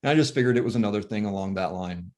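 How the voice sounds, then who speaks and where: A soft-spoken man with a fairly low voice tells a painful personal story as a grieving father. He talks haltingly, pausing often and falling back on fillers. His voice sounds worn and tired.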